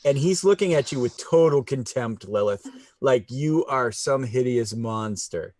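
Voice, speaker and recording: Slow, rambling male game master. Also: mid-range voice, animated, a little mellow, dry recording, studio quality. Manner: rambling, with many fillers, laughing often. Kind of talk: narrating a tabletop game.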